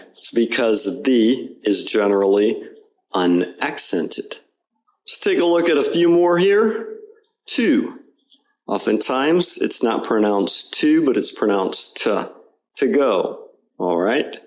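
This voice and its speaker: A man teaching English pronunciation, modeling words slowly and leading repeat-after-me drills. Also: medium pitch. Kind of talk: pronunciation lesson.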